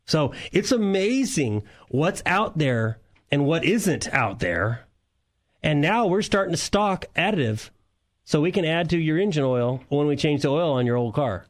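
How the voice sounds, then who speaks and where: A man who talks in a somewhat raised pitch, telling rambling shop stories on a car call-in radio show. He keeps it loose and conversational and chuckles often between his points. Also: big pitch swings, measured pace. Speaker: car show co-host and mechanic. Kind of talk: casual radio chat.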